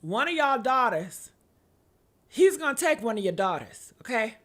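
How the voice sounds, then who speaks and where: A woman's voice: a little high, sing-song, moderate pace, fairly bright tone. A woman vlogger reading out viewer comments in mock outrage, sarcastic, laughing often and repeating short exclamations.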